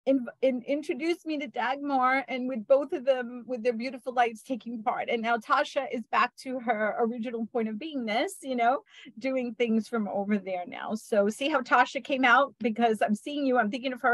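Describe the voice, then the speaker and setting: A woman hosting a spiritual group video call, talking gently and affectionately, often adding "right?" and soft laughs. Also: on the high side, moderate pace, dry recording, rough recording. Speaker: spiritual session host.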